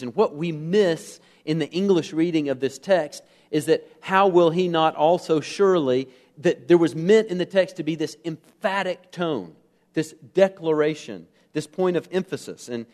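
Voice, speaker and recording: A man's voice: on the high side, darkish tone. A man from the United States preaching a sermon, earnest and emphatic, putting questions to the congregation, with fillers and restarts. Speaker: pastor.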